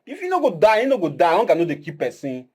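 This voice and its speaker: A man speaking Nigerian Pidgin plays a brash, dismissive kidnapper who jokes loudly. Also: high-pitched, huge pitch swings, quick pace, breathy edge, exaggerated voice. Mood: cocky. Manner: boastful, dismissive, loud banter. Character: brash young male kidnapper, cocky and dismissive. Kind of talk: film drama acting.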